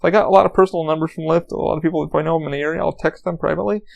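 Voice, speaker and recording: A man's voice: fairly high pitch, fairly even intonation, very fast, vocal fry. A man hosting a podcast, telling rambling, profane anecdotes in a casual monologue. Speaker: podcast host.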